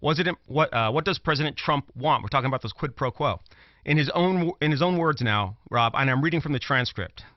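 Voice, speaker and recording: Fairly quick and medium in pitch, a Brooklyn man argues his political commentary forcefully, repeating phrases to press the point. The commentator, once a prosecutor, appears on a talk show recorded in dull, dry lo-fi sound with no room tone.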